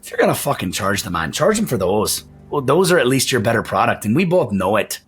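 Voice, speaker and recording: A man's voice: mid-range voice, very animated, brisk, breathy edge, faint music behind. A man voicing a blunt, swearing male dwarf who is friendly underneath, in a tabletop game. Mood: gruff, easy. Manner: blunt, swearing, matter-of-fact.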